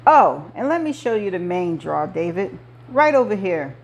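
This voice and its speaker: A woman's voice: fairly low pitch, big pitch swings, moderate pace, highs cut off. A woman voicing a movie-gangster mob boss. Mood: boastful. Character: older male mob boss, menacing and jovial. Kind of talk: audiobook character voice.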